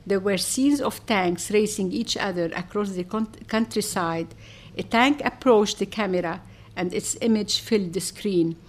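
A woman reads a first-person story aloud at a measured pace. Her middle-pitched voice carries wry asides through the narration. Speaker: audiobook narrator.

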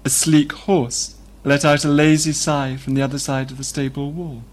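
A man reading a novel aloud in a measured, descriptive way. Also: on the high side, flat delivery. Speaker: reader.

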